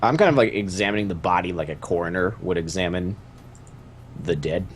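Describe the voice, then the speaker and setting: A man's voice: deep voice, a little fast, a little hiss or hum. A man playing a tabletop game, calling out rolls in a matter-of-fact way. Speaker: player. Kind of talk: tabletop role-play.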